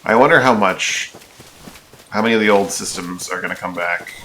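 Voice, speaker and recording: A very low-voiced man talks over his gameplay in a loose, rambling way, often restarting his thoughts. His tone is bright and forceful despite the depth, and faint noise with clicks sits behind him. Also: moderate pace. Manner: rambling, thinks aloud with restarts and asides. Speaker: streamer. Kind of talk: casual gameplay commentary.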